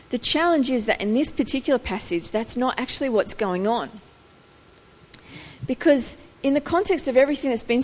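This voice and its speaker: A woman preaching a sermon, explaining scripture thoughtfully and building intensity as she goes. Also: a little high. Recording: long reverb of a hall.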